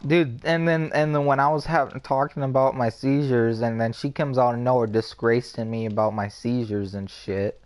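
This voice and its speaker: A man's voice: mid-range voice, moderate pace, hardly any pauses, clear, resonant tone. Profane young man gossiping. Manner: profane, animated gossip with quoted voices. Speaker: gamer chatting on a live stream. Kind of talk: casual chat.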